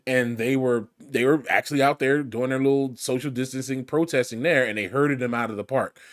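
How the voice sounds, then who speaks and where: A man's voice: medium pitch, fairly even intonation, fairly quick. A man giving casual, chatty commentary over news footage, often repeating words as he talks. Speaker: video commentator.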